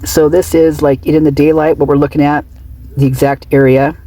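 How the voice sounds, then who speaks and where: A woman's voice: deep voice, little pitch movement, fairly quick, mellow, slightly rough. A woman true crime vlogger talking off the cuff in a chatty, rambling way with giggly asides. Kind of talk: unscripted casual vlog chat.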